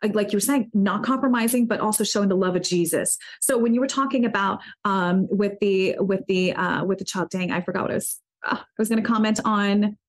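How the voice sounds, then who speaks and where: A woman's voice: mid-range voice, brisk, hardly any pauses. A woman who is the guest in an interview, talking earnestly in a preachy way and often restarting her sentences. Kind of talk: casual interview talk about faith.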